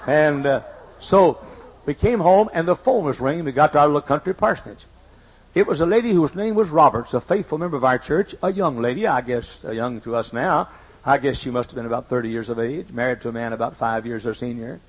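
A man's voice: mid-range voice, fairly quick, highs cut off. An older man preaching a sermon, telling stories emphatically and repeating his key lines, with folksy asides. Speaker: pastor. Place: church sanctuary.

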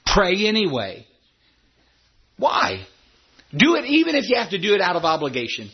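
A man preaching a sermon as pastor, emphatic, his voice jumping high when he imitates doubters. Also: huge pitch swings, moderate pace, breathy edge, dull audio.

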